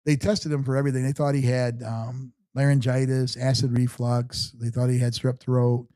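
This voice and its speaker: Older male guest, sixties, earnest storyteller, warm low tone, close and dry. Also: little pitch movement, moderate pace, no room sound. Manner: earnest, rambling with frequent restarts. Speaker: podcast guest. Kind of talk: casual storytelling interview.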